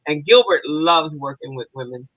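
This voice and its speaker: A woman's voice: sits low, normal speed, no echo. Chatty woman on a tinny line. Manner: chatty, rambling with many fillers and restarts. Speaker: co-host. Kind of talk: casual podcast chat. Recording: tinny phone-like dry sound.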